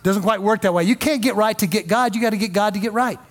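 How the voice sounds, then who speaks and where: A man's voice: high-pitched, quick pace. A male pastor preaching a sermon in a folksy, emphatic way with joking asides.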